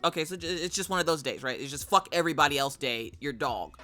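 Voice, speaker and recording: A woman streamer telling a story in casual chat, animated and swearing freely. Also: low-pitched, fast, faint music behind.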